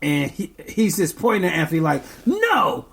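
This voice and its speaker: A man's voice: on the high side, a little fast, gravelly, a little hiss or hum. A young man, a podcast co-host, telling a meandering story in casual chat, full of ums.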